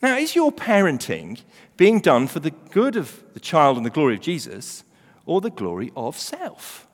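A middle-aged man preaching a sermon, animated, swinging from loud emphasis to hushed, quiet readings. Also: fairly high pitch, normal speed. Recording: reverberant hall.

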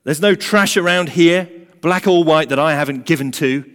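A man's voice: mid-range voice, lively intonation, measured pace, natural voice. A man voicing an indignant, self-righteous older farm woman who rants at God in fierce, aggrieved bursts, with a long reverb behind him. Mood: indignant ranting.

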